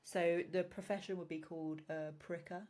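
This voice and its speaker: A woman's voice: lowish voice, fairly even intonation, moderate pace, darkish tone. A woman co-hosting a podcast in casual chat, giggling often as she explains each point. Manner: giggly, explains topics with loose asides. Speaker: podcast co-host.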